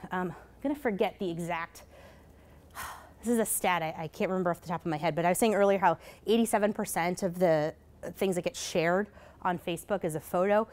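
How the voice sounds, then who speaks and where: A woman giving a conference presentation in a casual, hurried way, full of fillers and asking "right?" as she goes. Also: lowish voice, darkish tone. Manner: casual, many fillers, rhetorical "right?" tags; hurried, self-correcting. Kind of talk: live presentation. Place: conference session.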